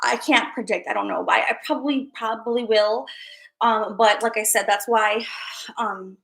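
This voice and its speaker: A woman's voice: a little high, normal speed, vocal fry, fairly bright tone, low-quality recording. A woman on a livestream, talking to her viewers as a psychic tarot reader, close to tears and earnestly repeating herself, at times dropping to a near whisper. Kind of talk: emotional livestream talk to viewers.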